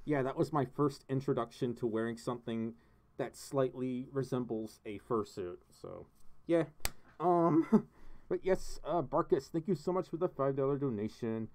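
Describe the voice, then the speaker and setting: A man's voice: medium pitch, a little mellow. A man hosting a casual livestream, chatting with viewers, thanking donors and laughing often. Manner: chatty, giggly, reading donations and chat aloud. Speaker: livestream host. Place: home studio.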